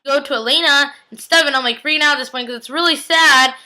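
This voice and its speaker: A young woman recapping a TV episode in a casual, excitable, chatty way, full of "like" and acted-out reactions. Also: sits high, fast talker.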